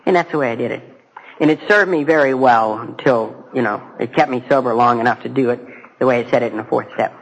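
A man's voice: medium pitch, quick pace, vocal fry, low-quality recording. Self-mocking middle-aged man telling his story. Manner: direct to audience, asks questions. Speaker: speaker at a recovery meeting. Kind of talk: personal testimony talk.

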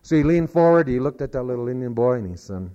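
A man at an ordinary pitch tells a long joke with folksy, rambling patience, stacking up "he said" asides as he goes. The recording is dull and lo-fi. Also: lively intonation, fast, mellow. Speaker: storyteller.

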